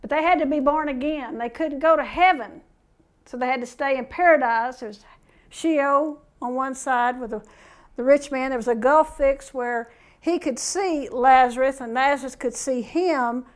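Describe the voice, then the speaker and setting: A middle-aged woman with a high voice preaches a conversational sermon at a moderate pace, reading scripture aloud and putting questions to her listeners.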